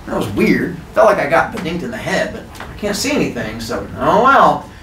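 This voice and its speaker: A clueless, cheerful young hero talks in a high, lively, matter-of-fact way, as a man puts him on. His voice rings around a roomy, echoey space with a faint hum behind it. This is storytelling played for laughs. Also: moderate pace, far from the mic. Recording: roomy echo.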